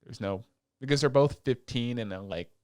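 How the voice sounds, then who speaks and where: A man's voice: mid-range voice, moderate pace, a little mellow, clean tone, no room sound, clean studio sound. A man co-hosting a podcast, casually recapping an anime with lots of swearing, acting out the characters' lines as he goes. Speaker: podcast co-host.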